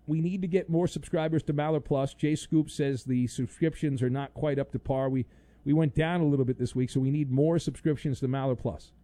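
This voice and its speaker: A man's voice: fairly high pitch, fairly even intonation, brisk, no echo. A man hosting a sports talk show, loose and jokey, reading listener messages and taking calls. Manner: loose, jokey, bursts into loud mock outrage.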